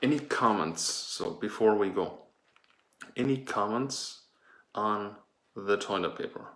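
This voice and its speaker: A man's voice: on the low side, lively intonation, takes it slowly, a bit bright, slight background noise. A man playing a vain, gushing toilet paper fashion persona in a campy improvised comedy sketch at home. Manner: campy, breathless, gushing over his look. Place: home indoors. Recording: echoey room.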